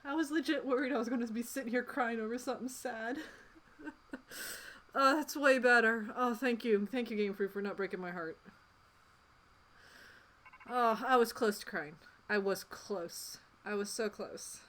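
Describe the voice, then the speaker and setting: A woman's voice: on the high side, normal speed, long pauses. A woman streamer playing through a game, reacting with feeling and reading the game's lines aloud. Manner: emotional, soft and teary at sad moments, giggly. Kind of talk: let's play commentary, reading game dialogue aloud.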